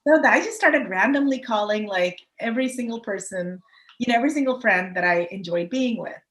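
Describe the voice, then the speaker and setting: A woman's voice: a little high, expressive, fairly quick. A woman in her fifties, a podcast guest, telling a story in a rambling, casual way full of "like" and "you know". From United States. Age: 50s.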